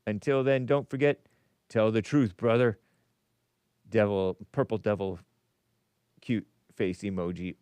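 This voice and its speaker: Male call-in host, clear smooth voice, joking and chuckling, dry close mic. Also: lowish voice, slow, pauses often, a little mellow, dry recording. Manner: joking, chuckles while talking. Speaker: talk show host. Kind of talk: casual call-in show chat, reading viewer messages aloud.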